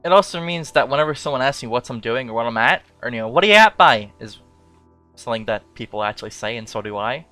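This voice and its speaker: A man from Newfoundland with a mild Newfoundland accent, chatting casually as a streamer, amused and quick to explain. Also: mid-range voice, fairly even intonation, a bit bright, no echo, soft background music. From Newfoundland, Canada. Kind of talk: casual chat.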